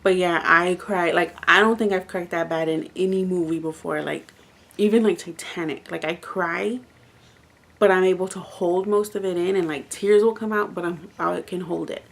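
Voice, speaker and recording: A woman with a lowish, gravelly voice talks straight to her camera in a casual book review vlog. She rambles in a chatty way and fills her sentences with "like". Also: fairly even intonation, normal speed. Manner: chatty, rambling, heavy use of "like".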